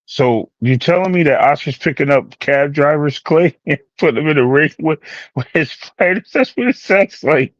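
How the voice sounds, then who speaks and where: A man co-hosting a casual boxing chat, bantering in energetic slang. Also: on the high side, moderate pace, no echo, dull audio. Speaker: co-host.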